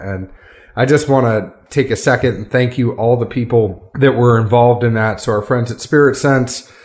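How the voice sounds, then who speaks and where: A man hosting a casual podcast from a friend's home, upbeat and chatty, laughing often into a studio mic. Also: mid-range voice. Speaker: podcast host. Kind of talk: casual chat. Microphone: studio microphone.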